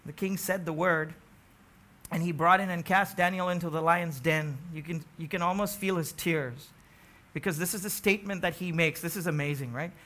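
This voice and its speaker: A man preaching a sermon, emphatic, asking the congregation questions and rising to near-shouts on key phrases. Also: a little high, fairly even intonation, moderate pace.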